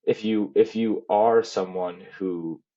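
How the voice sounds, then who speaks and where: Male podcast host, very deep voice, encouraging, muffled lo-fi audio. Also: fairly even intonation, slow pace, dark tone. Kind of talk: interview talk. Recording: dull lo-fi sound.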